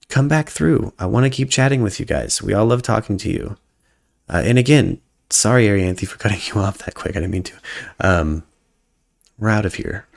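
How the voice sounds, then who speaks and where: Low, gravelly male stream host. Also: darkish tone. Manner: joking, profane, hyped-up banter. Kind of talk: casual live-stream chat.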